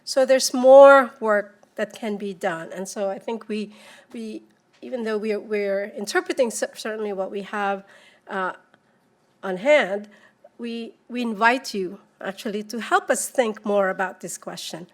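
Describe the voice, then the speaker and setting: A woman presenting at a conference podium, halting, with many repeats and restarts. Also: medium pitch. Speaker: panel presenter.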